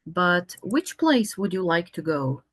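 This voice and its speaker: A woman teaching an English conversation lesson, speaking slowly and patiently with many fillers. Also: on the low side, very animated.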